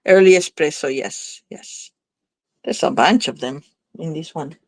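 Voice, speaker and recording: A woman's voice: sits low, measured pace, no room sound. Chatty woman thinking aloud at her craft table. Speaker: craft video host. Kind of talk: casual crafting demo chat.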